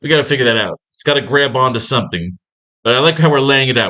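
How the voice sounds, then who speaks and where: A man's voice: medium pitch, fast talker, bright, forceful tone. Foul-mouthed sarcastic male writing teacher. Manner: profane, sarcastic, rambling. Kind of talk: casual profane lesson, comic recap.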